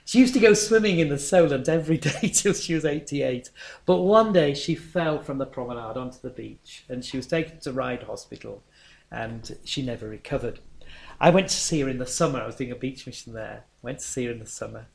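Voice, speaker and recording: A man's voice: medium pitch, a little fast, vocal fry, a little mellow. A man preaching a sermon in a conversational storytelling manner.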